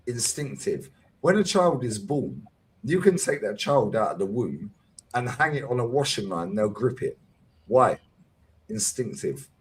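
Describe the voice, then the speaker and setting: A man's voice: medium pitch, a little hiss or hum. A man hosting a fan talk stream, telling stories in casual chat with plenty of slang and swearing. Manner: swearing, slangy, lively storytelling.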